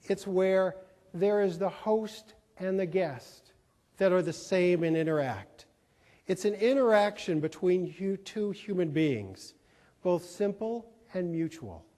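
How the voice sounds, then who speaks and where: Keynote speaker, man, high voice, folksy humor, reverberant hall. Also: lively intonation, slow pace, warm tone. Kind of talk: storytelling conference talk. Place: large conference hall.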